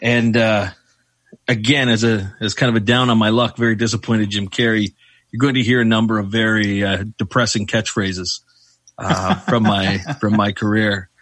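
A man's voice: fairly low pitch, little pitch movement, normal speed, fairly bright tone, no room sound. Hesitant man playing a tabletop game. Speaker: player. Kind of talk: tabletop role-play chat.

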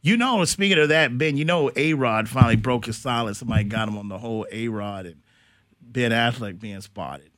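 A man's voice: medium pitch, fairly quick, a bit bright, dry recording. A man hosting a sports talk radio show from a studio, blunt and opinionated, rambling through his points.

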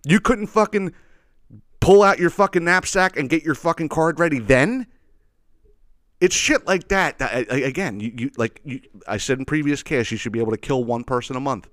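Profane, animated man ranting. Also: on the high side, moderate pace, no room sound, studio quality. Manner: profane, animated, repeats "you know what I mean". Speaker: podcast host. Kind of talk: ranting storytelling.

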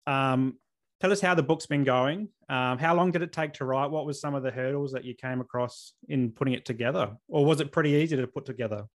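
A man in his thirties from South Australia with an Australian accent, hosting a podcast interview in an earnest, open way with halting restarts. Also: mid-range voice. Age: 30s. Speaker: podcast host. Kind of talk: casual interview chat.

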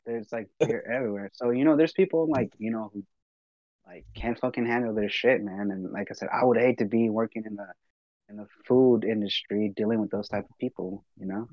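A man with a lowish voice talks fairly quickly in a recording with no echo and dull audio. He's a rambling storyteller in casual conversation, swearing a lot and using many fillers.

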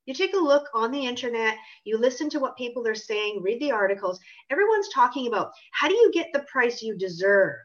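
A woman's voice: fairly high pitch, animated, brisk, hardly any pauses. A woman author answering interview questions in an emphatic, assertive way. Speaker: author and pricing consultant. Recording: dull lo-fi audio.

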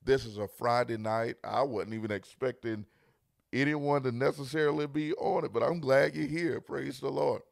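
A man pastor preaching a livestreamed sermon, repeating key lines and building from quiet greetings to loud, emphatic preaching. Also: medium pitch, fairly even intonation, moderate pace, vocal fry, no echo, clean studio sound.

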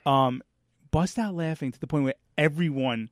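A man's voice: on the high side, normal speed, no echo, studio quality. A man co-hosting a podcast, telling a rambling story in casual chat and losing his thread now and then. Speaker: podcast co-host.

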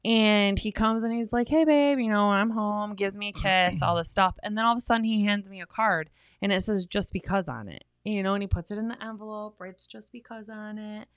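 A woman's voice: mid-range voice, steady tone, fairly quick, hardly any pauses, clear, resonant tone, no echo, clean studio sound. A woman co-hosting a couples podcast, telling a long, rambling story in a chatty way. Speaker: podcast co-host. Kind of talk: casual podcast talk.

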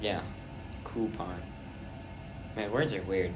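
Young male podcast host with a lowish voice, rambling storyteller, casual chat. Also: normal speed, music in the background.

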